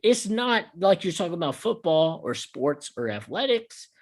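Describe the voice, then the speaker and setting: A male podcast host ranting in loose, profane chat, his pitch leaping all over the place. He swings from loud bursts down to muttered asides, recorded close and dry with no room sound. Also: sing-song, moderate pace, dry recording.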